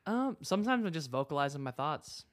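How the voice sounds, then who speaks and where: A man co-hosting a podcast in casual chat, relaxed and chuckling, full of "like". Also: fairly high pitch, brisk. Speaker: podcast co-host.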